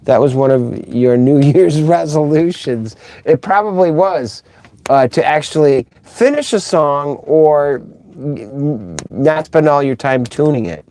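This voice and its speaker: A man's voice: on the high side, expressive, a little slow, warm tone, no echo. A middle-aged man hosting a casual live stream, rambling and chatty as he reads out viewer comments.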